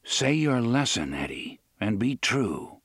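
Gunslinger voiced by a man, stern, laconic, low and slow, grave, audiobook, dry recording. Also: big pitch swings, vocal fry, fairly bright tone, husky, no room sound, heavily acted. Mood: solemn. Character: stern laconic male gunslinger, older mentor. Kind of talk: audiobook character voice.

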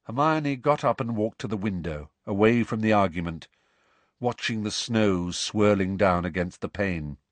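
A man narrating an audiobook with an expressive, varied reading. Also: lowish voice, normal speed, dry recording.

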